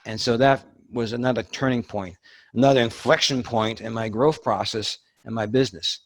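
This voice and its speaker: A man's voice: mid-range voice, fairly even intonation, normal speed, no echo. An older man with a Boston accent, a dentist telling his story as a podcast guest. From Boston area, USA. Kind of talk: podcast interview.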